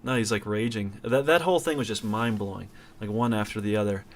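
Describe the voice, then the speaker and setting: A man in casual conversation, talking bluntly in quick bursts and swearing freely. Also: lowish voice, slight background noise. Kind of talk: casual chat.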